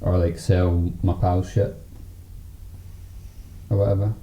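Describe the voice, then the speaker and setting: A man's voice: deep voice, little pitch movement, slow pace, mellow, highs cut off. A man hosting a casual podcast chat, laid-back and a little wry. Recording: roomy echo, faint background noise.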